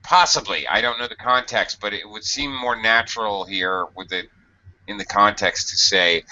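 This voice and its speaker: A man's voice: on the low side, moderate pace, sharp tone, lo-fi sound. A man teaching English to a small online group, explaining grammar patiently and acting out example sentences.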